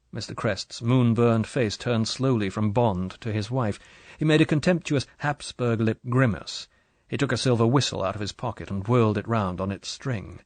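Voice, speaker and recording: Male audiobook narrator, measured delivery, dry booth sound. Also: fairly low pitch, dry recording. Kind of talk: scripted narration.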